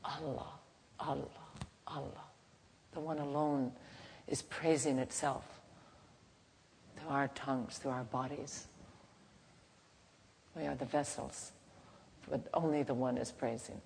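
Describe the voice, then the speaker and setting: A woman teaching in a gentle, unhurried, halting way, softly chanting at times, in a reverberant hall. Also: a bass voice, steady tone, gravelly. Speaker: spiritual teacher. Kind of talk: devotional teaching talk. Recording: reverberant hall, faint background noise.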